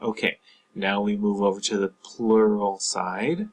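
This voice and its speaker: A man's voice: lowish voice, steady tone, a little slow, rough recording. A man teaching a lesson on Spanish past-tense verbs, explaining patiently with frequent fillers. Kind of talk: recorded language lesson.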